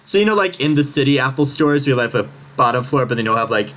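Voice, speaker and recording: A man's voice: medium pitch, lively intonation, fast talker, fairly bright tone. A man narrating a tabletop game as game master, casual and rambling, laughing often.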